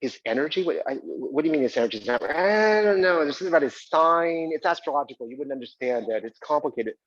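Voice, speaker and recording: A man's voice: fairly high pitch, expressive, quick pace, no echo, lo-fi sound. A man playing a woman theater producer who dodges questions and talks about astrology and energy. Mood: evasive. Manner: evasive, hesitant.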